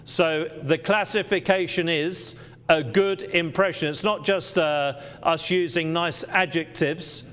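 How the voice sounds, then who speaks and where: A man's voice: on the high side, fairly even intonation, measured pace, a bit bright, clear, resonant tone. A man working as an auctioneer on a live stream, selling with persuasive patter and repeating the key points to his bidders.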